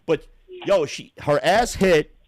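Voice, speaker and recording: Slow-paced and slightly high-voiced, the man hosting this casual podcast recounts a story full of profanity and laughter. The audio is dry, clean studio sound, and his delivery is animated.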